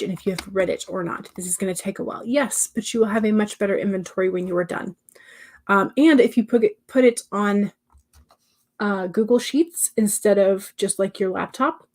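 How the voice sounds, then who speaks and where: A woman hosting a writing livestream, casually reading out viewers' comments and answering them in a chatty way, sometimes dropping to soft murmurs. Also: medium pitch. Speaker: livestream host.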